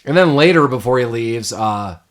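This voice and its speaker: A man hosting a casual podcast discussion of a film, animated and quick to laugh, often acting out lines from scenes. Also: medium pitch. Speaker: podcast host.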